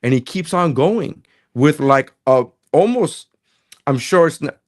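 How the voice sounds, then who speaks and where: A man on a podcast telling a story from his comedy gig in a casual, animated way, acting out the dialogue. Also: a little high, measured pace. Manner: animated, acts out dialogue in quotes.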